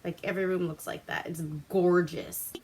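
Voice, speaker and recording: With a lowish, husky voice and a darkish tone, a woman speaks at a moderate pace and keeps a level tone. She hosts a casual vlog where she reviews a movie, recapping it chattily and profanely and acting out quotes.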